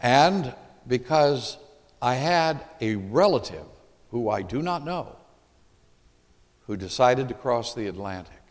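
Animated preacher in a reverberant hall. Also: male voice, medium pitch, takes it slowly, long pauses. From Michigan, USA. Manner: emphatic, puts questions to the congregation. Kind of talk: sermon.

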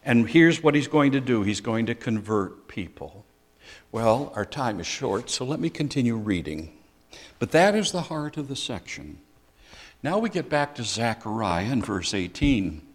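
An older man preaching a sermon as a pastor, conversational, with dry humor and pauses. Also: mid-range voice, very animated.

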